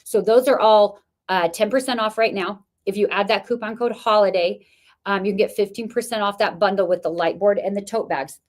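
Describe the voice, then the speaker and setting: A woman's voice: medium pitch, fairly even intonation, a little fast. A woman hosting a live product sale stream, chatty and enthusiastic, and losing her voice. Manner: chatty, enthusiastic sales talk with fillers. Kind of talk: product demo livestream.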